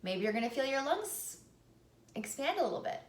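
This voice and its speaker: A woman's voice: high-pitched, big pitch swings, moderate pace, echoey room. A woman singing teacher giving an upbeat vocal lesson to camera, speaking and then singing short example phrases.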